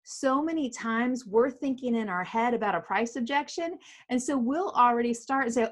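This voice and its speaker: A woman's voice: fairly high pitch, normal speed. A middle-aged woman teaching as a business coach, speaking directly and emphatically and repeating her key points. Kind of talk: instructional coaching talk.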